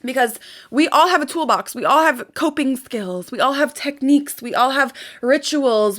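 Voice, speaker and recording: Young woman, high voice, emphatic motivational vlogger who repeats lines for punch. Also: moderate pace. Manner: animated, emphatic, repetitive, swears casually. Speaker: manifestation vlogger. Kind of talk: casual motivational vlog.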